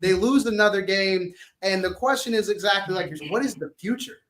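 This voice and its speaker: Young male co-host, high voice, slangy animated sports chatter. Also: fairly quick. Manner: animated, uses slang, acts out quotes. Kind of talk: casual sports talk.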